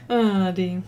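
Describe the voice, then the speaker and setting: With a mellow, medium-pitched voice, a middle-aged Australian woman streams live as an artist, chatting casually and reading comments. She laughs often and tends to trail off with fillers.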